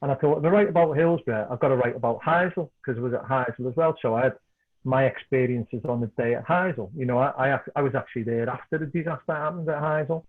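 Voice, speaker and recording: A middle-aged man from Liverpool with a Scouse accent, a podcast guest and author telling animated anecdotes in casual chat. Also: medium pitch, quick pace. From Liverpool, England. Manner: animated anecdotes, repeats words when excited. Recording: tinny phone-like call line.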